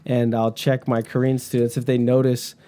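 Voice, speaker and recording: Mellow-voiced young man, rambling chat. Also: medium pitch, monotone, normal speed, smooth. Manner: rambling, swears freely, laughs often. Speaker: podcast co-host. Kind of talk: casual chat.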